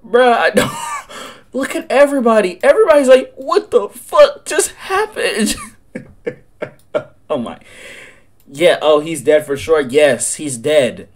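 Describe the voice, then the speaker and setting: A young man giving excitable, slangy live commentary on a game, with loud outbursts. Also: on the high side, unhurried, long pauses. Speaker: gaming creator.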